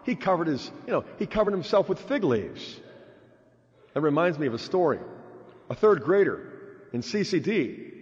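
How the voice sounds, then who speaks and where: A man's voice: a little high, moderate pace, long pauses. A man preaching a sermon, telling stories and acting out the voices in them. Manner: animated, acts out voices in stories. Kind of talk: sermon with storytelling. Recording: dull echoey hall recording.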